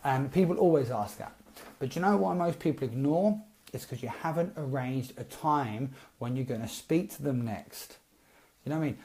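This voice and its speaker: A man coaching network marketers in a casual live stream, chatty and animated, acting out both sides of text chats. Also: mid-range voice, moderate pace. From Britain.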